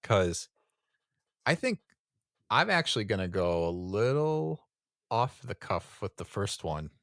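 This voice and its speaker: Low-voiced, lively podcast co-host man. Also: slow, dry recording, studio quality. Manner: laid-back, chuckling, rambling. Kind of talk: casual chat.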